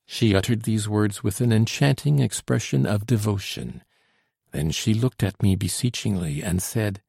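Male audiobook reader for a period novel, low and dark, dry close sound. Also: gravelly, breathy edge, dry recording. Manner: formal, measured storytelling. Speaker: audiobook narrator.

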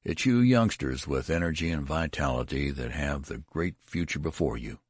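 A man's voice: extremely low pitch, expressive, moderate pace, dry recording, studio quality. A man reading as a pompous middle-aged businessman father. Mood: complacent. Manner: pompous, matter-of-fact. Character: fifty-year-old businessman father, practical, unspiritual.

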